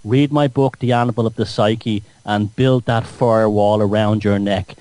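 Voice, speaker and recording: A man's voice: fairly low pitch, fairly even intonation, normal speed, warm tone, no echo, poor audio. A man hosting a radio show, rambling through a mocking, satirical monologue.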